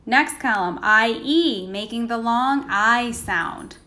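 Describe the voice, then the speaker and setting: A woman teaching a recorded phonics lesson to young children, sounding out words slowly and patiently, asking questions and waiting for answers. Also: fairly high pitch, sharp tone. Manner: slow, sounding out words letter by letter.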